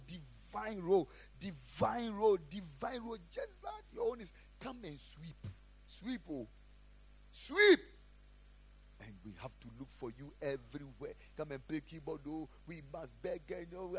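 A man preaching a sermon as pastor, emphatic, repeating phrases and swinging between loud and quiet. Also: high voice, husky. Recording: faint music behind.

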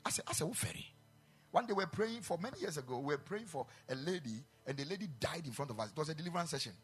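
A Ghanaian man preaches in a chapel, mixing English and Twi as he tells his story. His fairly high voice climbs into loud, emphatic bursts, with faint music behind him. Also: animated, rapid-fire. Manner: switches between English and Twi, rising to shouted emphasis. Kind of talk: sermon.

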